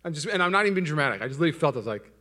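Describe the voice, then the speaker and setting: A young man preaching at a quick clip, his voice sitting a bit high for a man. He tells stories about himself with a joking, self-mocking edge, one moment loud and animated, the next dropped low and quiet. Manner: storytelling, self-mocking, swings from loud excitement to soft and low. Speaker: pastor. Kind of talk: sermon.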